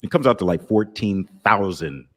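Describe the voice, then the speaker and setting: A man's voice: lowish voice, animated, normal speed, fairly bright tone. A man who was once a firefighter, explaining something step by step in a casual podcast chat. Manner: explains things in plain step-by-step terms. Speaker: podcast guest, former firefighter.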